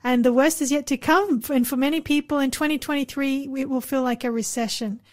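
A woman co-hosting a radio show, reading and summarising news items in a steady, matter-of-fact way. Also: high-pitched, brisk. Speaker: radio co-host.

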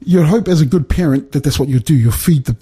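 A man's voice: on the high side, quick pace, mellow, slightly rough. A man teaching from the Bible in a casual conversation, explaining step by step and often checking in with his listener. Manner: explanatory, checks in with "right?" and "you know".

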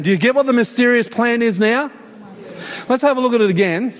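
A man preaching a sermon at a worship service, lively and joking as he calls out to the congregation. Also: high-pitched, normal speed. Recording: long hall reverb in a church.

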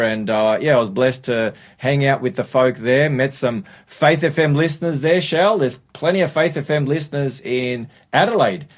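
A man from Australia hosting a radio studio chat, upbeat and chatty, a little nasal from a cold. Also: mid-range voice. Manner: upbeat, chatty, laughs often, repeats words. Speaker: radio show host.

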